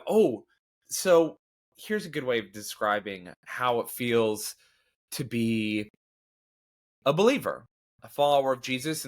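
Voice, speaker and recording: A man speaking in a candid, self-deprecating monologue, his mid-pitched voice wandering through fillers and restarts. He sounds like a podcast host thinking out loud rather than reading from a script. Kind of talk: candid monologue on grief and faith.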